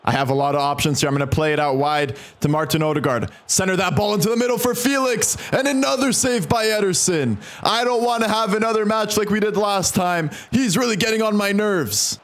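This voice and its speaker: A young man giving casual play-by-play commentary on his own football video game match, excited by goals and quick to vent at mistakes. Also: sits high. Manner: excitable, swings between calm narration and frustrated outbursts. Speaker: gaming commentator.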